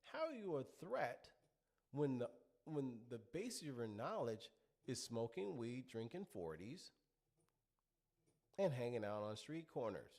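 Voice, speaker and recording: A man's voice: medium pitch, big pitch swings, measured pace, long pauses, a little mellow. A middle-aged man delivering an opinionated monologue, lecturing his listeners and piling up rhetorical questions. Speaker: commentary show host.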